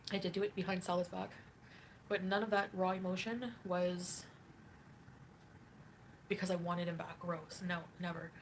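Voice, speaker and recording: A woman's voice: fairly low pitch, a little hiss or hum. A woman livestreaming, reading chat and ranting in a catty, mocking way with frequent laughs.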